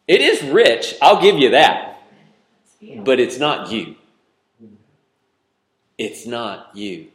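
A man in his forties preaches to his congregation at a slow, deliberate pace. He talks casually and keeps throwing questions at the room. His voice carries a roomy church echo. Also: medium pitch, sing-song, fairly bright tone. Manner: conversational, teasing the congregation with questions. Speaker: pastor. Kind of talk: sermon. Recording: echoey church hall.

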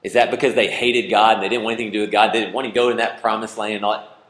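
A man preaching a sermon as pastor, animated and playful, with joking asides to his congregation. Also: on the low side, racing, reverberant.

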